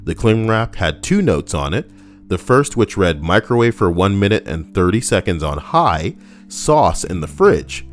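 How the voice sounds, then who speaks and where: Deep voiced guy reading stories for his channel, bouncy delivery, goofy asides and casual swearing. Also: very animated, unhurried, soft background music. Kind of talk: reading stories with joking commentary.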